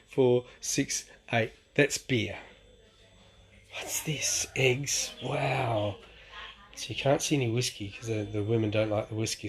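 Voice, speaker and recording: A chatty man talks casually to viewers on a live stream. He points things out as he goes, exclaims often and swears lightly. His pitch sits in a middle range.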